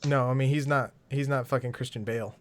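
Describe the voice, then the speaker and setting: A man hosting a podcast, talking fast and casually and swearing freely. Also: mid-range voice, fairly even intonation, no echo. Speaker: podcast host. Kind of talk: casual chat.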